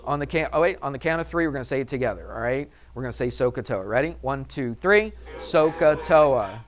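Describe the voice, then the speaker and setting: A man teaching math runs a classroom lesson in an upbeat, chatty way, rapidly firing questions at his students and answering them himself. His voice sits at a typical middle pitch for a man.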